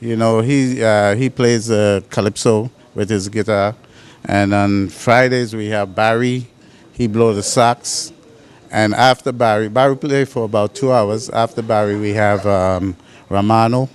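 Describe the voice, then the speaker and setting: A restaurant man answering a TV host's questions. His voice sits on the low side, and he halts often, filling the gaps with "uh" as he lists the week's entertainment. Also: fairly even intonation, unhurried, clean tone. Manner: hesitant, many uh fillers. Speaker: restaurant owner or manager. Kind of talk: interview answers.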